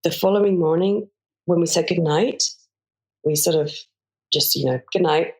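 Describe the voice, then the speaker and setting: Gravelly-voiced frank woman. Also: on the low side, moderate pace. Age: 40s. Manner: frank, self-mocking, animated storyteller. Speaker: podcast guest. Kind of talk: candid conversational interview.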